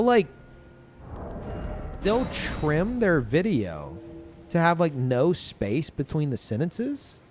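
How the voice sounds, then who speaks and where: Male streamer, loose and profane, rambling casual chat, pitch swings around a lot. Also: darkish tone, a little hiss or hum. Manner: rambling, swearing, restarts sentences often. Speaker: livestreamer. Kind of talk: casual chat to a live audience.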